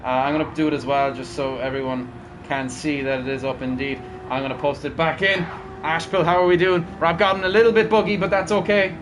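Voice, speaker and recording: A young man with a high voice commentates a live racing stream, upbeat and chatty as he keeps calling out to his viewers. Faint noise hums underneath. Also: fairly even intonation, brisk. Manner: upbeat, chatty, talks to chat.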